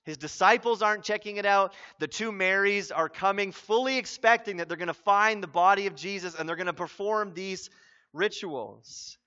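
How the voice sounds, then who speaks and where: Male pastor, high bright voice, conversational sermon with emphatic peaks, muffled lo-fi audio. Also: moderate pace, smooth. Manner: conversational, grows emphatic and loud when stressing points.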